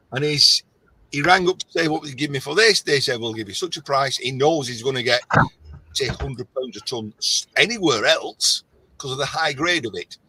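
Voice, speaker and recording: A man's voice: medium pitch, bright, forceful tone, slight background noise, low-quality recording. An Irish man in his sixties rambling through stories in casual chat, with stop-start phrasing. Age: 60s. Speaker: scrapper on a live chat.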